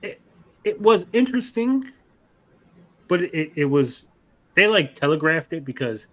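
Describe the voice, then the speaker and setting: A man's voice: fairly high pitch, sing-song, a little slow, fairly bright tone. Rambling, profane male podcast co-host. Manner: rambling, profane, acts out characters' lines. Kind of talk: casual chat recapping episodes.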